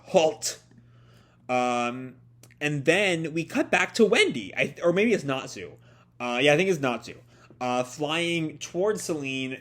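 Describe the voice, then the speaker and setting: A man's voice: fairly high pitch, a bit bright. A young man with a stuffy nose walks through a manga chapter in a live reaction. He sounds tired, and he rambles along with frequent ums and self-corrections.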